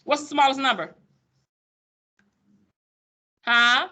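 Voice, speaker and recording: Bright-voiced sassy math teacher. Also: female voice, mid-range voice, animated, unhurried, long pauses. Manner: sassy, playful, calls students sugar baby. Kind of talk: classroom teaching. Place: classroom.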